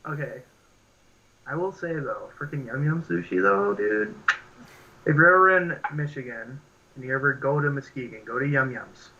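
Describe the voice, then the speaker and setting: A man's voice: mid-range voice, normal speed, pushed and bright, highs cut off, a little hiss or hum. A young man co-hosting a podcast in casual chat, rambling and laughing with lots of filler words. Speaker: podcast co-host.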